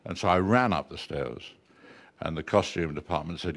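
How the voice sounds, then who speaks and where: Older man, very deep voice, relaxed self-mocking raconteur. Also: normal speed. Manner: self-deprecating, chuckling storyteller. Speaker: interview guest. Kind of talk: relaxed anecdotal chat.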